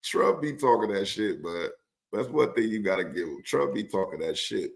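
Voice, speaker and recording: A man's voice: lowish voice, expressive, normal speed, vocal fry. A man chatting bluntly and profanely on a podcast, often laughing. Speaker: podcast co-host. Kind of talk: profane casual reaction chat.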